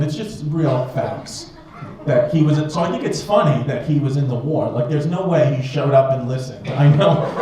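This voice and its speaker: A man performing a stand-up comedy set, riffing with the audience in a rambling, profane way. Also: medium pitch. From United States. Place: comedy club stage with a laughing audience. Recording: echoey club with loud crowd laughter.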